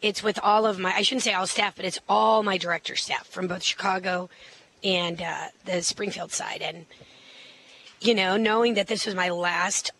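Bright-voiced confident woman candidate. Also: mid-range voice, steady tone, rough recording. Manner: confident, quick, many fillers and restarts. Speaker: mayoral candidate. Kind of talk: interview answers.

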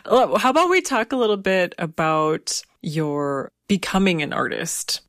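Low-voiced woman interviewer. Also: lively intonation, a little slow, a bit bright, no echo, clean studio sound. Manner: curious, encouraging questions. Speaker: interviewer, host.

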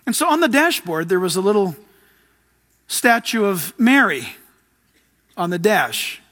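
A man's voice: high voice, very animated, a little slow, a bit bright, in a large hall. A man preaching a sermon, telling stories and rising to emphatic exhortation.

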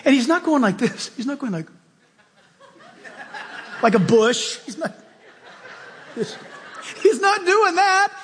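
A male pastor preaching a sermon with animated storytelling, acting out voices. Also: very high voice, slow, long pauses, in a large hall, a little hiss or hum.

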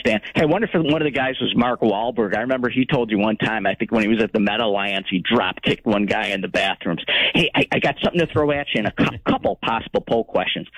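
A man's voice: on the low side, no echo. A man calling into a radio show, chatty and upbeat, heard over a phone line. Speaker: caller. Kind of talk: radio call-in.

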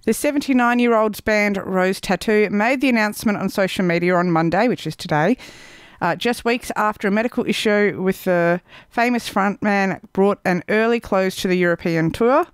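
A community radio presenter talking casually between songs, in a smooth, crisp voice. The delivery is rambling and jokey, full of restarts and playful asides. The sound is close and dry, with no room echo, as from a studio microphone. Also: medium pitch.

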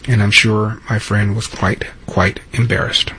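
A man in his seventies hosts a talk radio call-in show, telling stories and arguing his points emphatically. His voice sits on the low side with a level tone and a measured pace, sounding pushed and bright. The low-quality recording carries slight background noise.

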